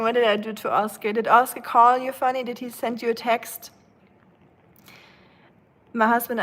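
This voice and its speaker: In a rough recording, a woman with a mid-range voice chats casually with her live stream viewers. She's at home with rain outside and rain ambience behind her, and she's playful, laughing often.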